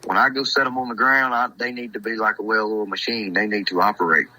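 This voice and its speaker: A man in his twenties talks as a podcast guest, laid-back and hesitant and full of fillers. His tone is very bright and forward, and the recording is close and dry. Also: fairly low pitch, steady tone, fast talker, no echo, rough recording. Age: 20s. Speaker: hunting dog handler, guest. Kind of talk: casual podcast chat.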